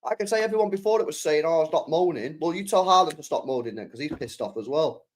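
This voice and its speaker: A man's voice: on the high side, fast. A young man talking casually on a live stream as a football fan, passionate, swearing and repeating his points.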